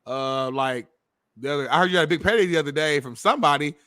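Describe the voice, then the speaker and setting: Casting: male sports-show co-host, bright and forward tone, playful chat, dry close mic. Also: a little high, fast talker, clean tone, dry recording. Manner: laid-back, joking, playful. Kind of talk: casual chat.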